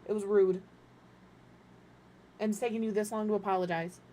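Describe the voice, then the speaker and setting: A woman's voice: medium pitch, steady tone, moderate pace, dark tone. Chatty lady streaming, middling voice, bit of hiss behind her. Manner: chatty, self-deprecating, talks to her cat and chat. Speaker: streamer building in a life-sim game. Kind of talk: casual live-stream chat. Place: home room.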